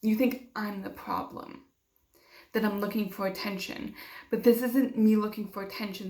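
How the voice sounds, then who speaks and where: A young vlogger speaks at normal speed in a mid-range, slightly mellow voice with fairly even intonation. She relates an emotional personal story, acting out what others said and using lots of fillers, while the recording carries a roomy echo.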